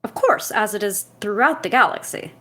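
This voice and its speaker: A woman's voice: medium pitch, animated, normal speed, pushed and bright. A woman voicing a stiff, precise alien character in a tabletop game, clipped and formal.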